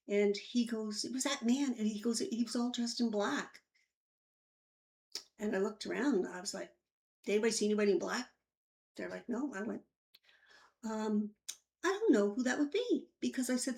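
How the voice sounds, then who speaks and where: A woman's voice: medium pitch, vocal fry. A woman, a former intensive care nurse, telling a personal story and acting out the dialogue in it. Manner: animated retelling with acted dialogue.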